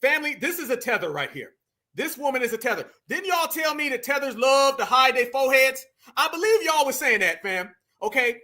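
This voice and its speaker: A man with a very high, sharp, bright voice, loud and taunting as he mocks the clips he reacts to. His delivery is slangy and scornful, pitched well above most men. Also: very animated, fairly quick. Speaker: commentary streamer. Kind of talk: mocking reaction commentary.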